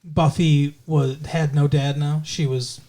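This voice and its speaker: A man's voice: fairly high pitch, little pitch movement, slow pace, dark tone. A middle-aged man co-hosting a podcast, chatting casually and rambling with jokes. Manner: rambling, jokey, breaks into singing. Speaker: podcast co-host. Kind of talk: casual chat.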